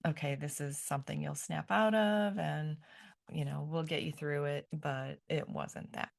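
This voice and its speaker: A middle-aged woman, a grandmother, talking as a podcast guest in a gentle, thoughtful way, often pausing to find her words. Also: low voice, fairly even intonation, creaky. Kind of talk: reflective podcast conversation.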